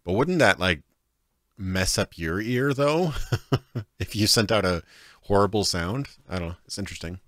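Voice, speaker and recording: A man's voice: on the low side, expressive, normal speed, fairly bright tone, no room sound, clean studio sound. A man livestreaming a video game, thinking aloud and chuckling, sometimes unsure what to do next. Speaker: streamer. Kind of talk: livestream gameplay commentary.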